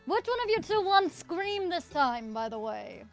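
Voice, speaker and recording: A woman's voice: very high-pitched, sing-song, measured pace, vocal fry, faint music behind, low-quality recording. A woman playing in a tabletop game, chatting in a cheerful, easygoing way. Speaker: player. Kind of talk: casual tabletop role-play chat.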